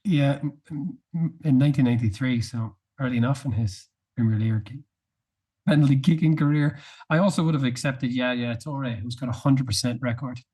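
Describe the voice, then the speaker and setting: A man co-hosting a casual podcast chat, setting quiz questions in a measured, wry way. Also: mid-range voice, a little mellow, breathy edge. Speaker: podcast co-host.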